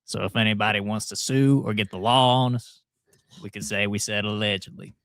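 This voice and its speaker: A man's voice: fairly low pitch, steady tone, brisk, fairly bright tone, no room sound, studio quality. A man voicing a folksy old Southern man who gossips, with a drawling Southern accent and a homespun way of talking.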